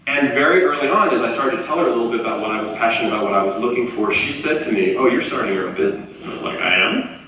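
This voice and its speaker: Animated male speaker in an echoey hall. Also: mid-range voice, very fast, few pauses, slight background noise. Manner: animated storytelling, acts out quoted voices. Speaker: motivational speaker. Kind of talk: live keynote talk. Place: large auditorium. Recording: echoey hall from far off, faint ambience.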